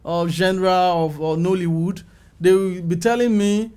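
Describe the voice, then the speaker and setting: A middle-aged Nigerian man tells his story with a fairly high voice. He acts out the people in his story, and his voice jumps up whenever he quotes someone. He sounds like a guest sharing his career in an interview. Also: measured pace, smooth. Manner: animated, acts out calls and quotes with rising pitch. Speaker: film makeup artist, guest.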